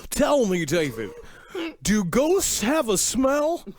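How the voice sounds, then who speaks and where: This man speaks in a high, full character voice set above his natural register, swinging hugely in pitch and taking his time. He's playing a gushing late-night radio host.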